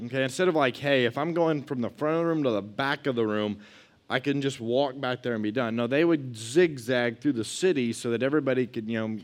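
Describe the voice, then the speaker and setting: A man teaching a youth Bible lesson in a chatty, animated way, acting out the lines he quotes. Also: medium pitch.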